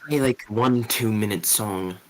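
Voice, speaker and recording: A man playing a tabletop game, asking calm, practical questions. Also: fairly low pitch, a little slow, low-quality recording. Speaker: player. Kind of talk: casual tabletop play.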